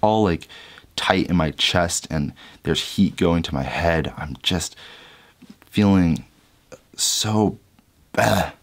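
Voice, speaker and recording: Very deep-voiced young man telling a story. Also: measured pace, a bit bright. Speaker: vlogger. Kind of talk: reflective storytelling.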